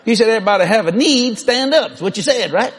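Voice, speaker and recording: A man preaching a sermon, shouting and boasting with animated laughs. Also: high voice, fast, husky, a faint crowd.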